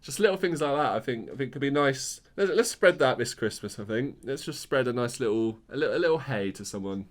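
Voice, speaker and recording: A man's voice: medium pitch, lively intonation, brisk, few pauses. Easygoing young man. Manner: easygoing, rambling, friendly. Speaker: podcast co-host. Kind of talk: casual chat.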